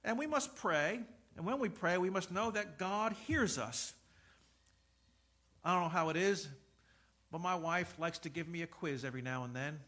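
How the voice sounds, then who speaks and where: This middle-aged pastor tells stories and acts out conversations during his sermon, eventually climbing to emphatic declarations. His voice is a little high and animated, with normal speed and a slightly bright timbre.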